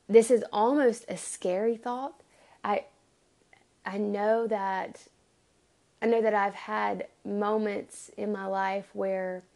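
A woman giving an earnest, halting Bible teaching, acting out pleading prayers to God. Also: mid-range voice, vocal fry, a little mellow.

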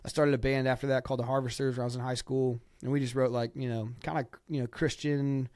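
Fast-talking man, rambling storyteller. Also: mid-range voice, flat delivery, a little mellow, dry recording, studio quality. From Ohio. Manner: rambling storyteller, heavy use of "like". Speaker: guest musician. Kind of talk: casual chat.

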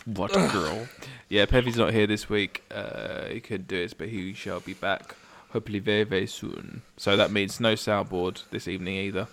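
Man, deep voice, gravelly fry, casual podcast co-host, teasing banter, faint music. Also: steady tone, a bit bright, slight background noise. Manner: teasing, laughs often, quick banter.

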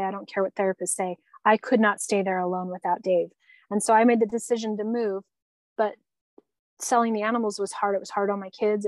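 A middle-aged woman sharing a personal story in a podcast conversation, earnest and reflective, growing animated as she recalls events. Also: mid-range voice, no echo, rough recording. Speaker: guest.

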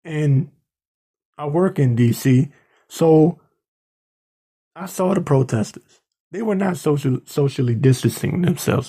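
A man's voice: a little high, a little slow, pauses often, darkish tone, husky. A man hosting a podcast, ranting angrily and indignantly, mocking the people he talks about. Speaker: podcast host. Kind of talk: ranting commentary. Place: works in Washington DC area.

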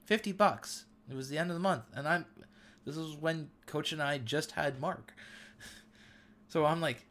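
A man's voice: a little high, normal speed, fairly bright tone. A man in his thirties hosting a devotional talk, sharing an earnest, emotional testimony. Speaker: podcast host.

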